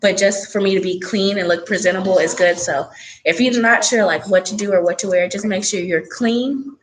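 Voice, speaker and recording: A teenage girl co-hosting a radio talk show, relaxed and practical as she gives advice. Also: mid-range voice, normal speed, a little hiss or hum, low-quality recording. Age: teens. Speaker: teen radio co-host. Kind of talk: casual radio chat.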